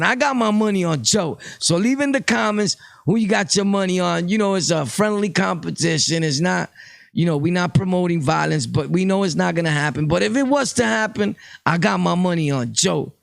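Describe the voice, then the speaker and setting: Gravelly New man vlogging. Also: sits high, expressive, fairly quick, no room sound, clean studio sound. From Brooklyn, New York. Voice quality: rambling, many fillers. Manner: streetwise, direct, addresses viewers. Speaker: vlogger, channel host. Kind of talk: casual opinion vlog.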